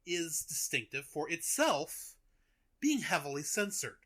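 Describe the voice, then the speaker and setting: A young man hosting a podcast, retelling a cartoon in a chatty, animated way. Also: fairly high pitch, a little slow. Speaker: podcast host. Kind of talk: casual chat, retelling a cartoon.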